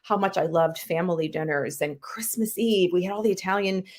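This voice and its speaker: A woman, a health coach and author, telling a personal story as a podcast guest in an animated, emphatic way with sudden jumps in pitch. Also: a little fast.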